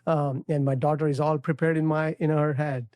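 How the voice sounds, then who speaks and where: A man's voice: a little high, level tone, normal speed, no room sound. Indian-accented male podcast host, dry sound. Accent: Indian English. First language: Telugu. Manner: warm questioning, many fillers and restarts. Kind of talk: casual interview.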